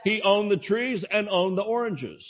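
A man's voice: high-pitched, lively intonation, normal speed, highs cut off. A male preacher telling a rambling anecdote in a sermon, acting out the voices of the people he quotes. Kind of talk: sermon storytelling.

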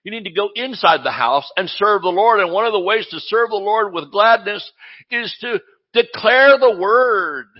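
A male pastor preaching a sermon in an animated, exclamatory way, often laughing as he speaks. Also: high-pitched, normal speed, breathy edge, muffled recording.

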